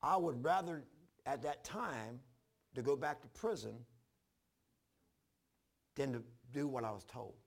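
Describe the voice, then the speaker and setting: An older man preaching a sermon, telling his own story in a folksy, repetitive way with sudden loud bursts. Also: mid-range voice, a little slow, gravelly, pauses often. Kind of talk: sermon with personal testimony.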